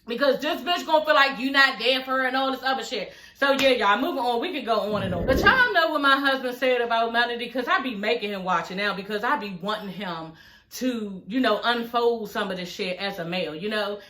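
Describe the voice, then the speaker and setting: A woman in her forties giving blunt, profane, animated commentary in a casual vlog, often laughing as she talks. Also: fairly high pitch, a little fast. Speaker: reality TV reviewer. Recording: roomy echo.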